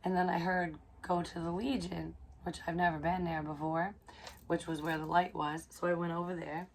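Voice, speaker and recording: A woman psychic medium casually telling a personal story, excitable and profane, dropping into hushed asides. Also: lowish voice, moderate pace, gravelly, a little hiss or hum.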